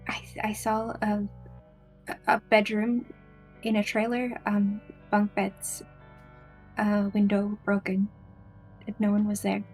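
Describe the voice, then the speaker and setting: A woman's voice: medium pitch, monotone, slow, pauses often, darkish tone, soft background music. A woman playing a tabletop game, speaking hesitantly with fillers and restarts. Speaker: player.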